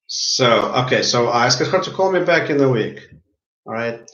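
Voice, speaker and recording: A man's voice: mid-range voice, expressive, normal speed, fairly bright tone. A man who works as a healer tells a story in casual speech, often repeating and restarting his words. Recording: roomy, dull lo-fi sound.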